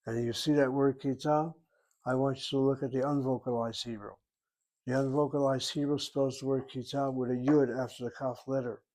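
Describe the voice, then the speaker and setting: A man teaching a grammar class at a middle pitch. He moves through each rule step by step and repeats the key terms so they stick. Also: steady tone, moderate pace, a little mellow. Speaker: Hebrew teacher. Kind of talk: grammar lesson.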